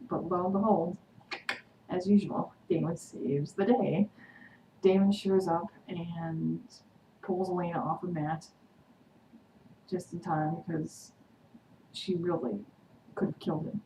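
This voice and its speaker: A woman vlogger chatting through a TV episode recap, excitedly acting out the characters' quotes. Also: on the low side, takes it slowly, long pauses. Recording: echoey room, distant mic, noisy.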